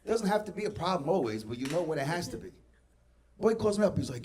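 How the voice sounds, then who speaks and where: Brash New stand-up, high lively voice. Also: male voice, fast, breathy edge. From Queens, New York. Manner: brash, profane, acts out dialogue. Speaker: stand-up comedian. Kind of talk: stand-up comedy set. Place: comedy club stage. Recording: live club with audience laughter. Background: crowd laughing.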